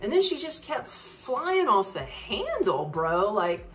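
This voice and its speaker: A woman tells a story in a chatty, animated way, acting out each line of dialogue. Her pitch swings widely, and there is faint music in the background. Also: slow pace, distant mic. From United States. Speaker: podcast host.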